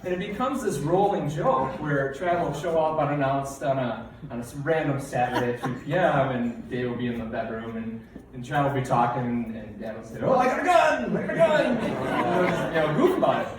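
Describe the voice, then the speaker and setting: A man's voice: mid-range voice, a little fast. A man sharing a family memory at a memorial, telling it with animation and laughter. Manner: animated, laughing, shouting out quoted lines. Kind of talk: casual storytelling. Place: memorial gathering in a large room. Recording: echoey room from far off with crowd and noise.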